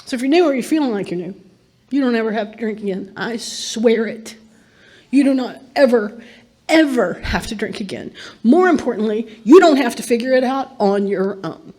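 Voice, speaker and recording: A middle-aged woman with a fairly high voice gives a personal testimony at a recovery meeting. She tells her story earnestly and with emphasis, and often breaks into laughter. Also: expressive, moderate pace, darkish tone.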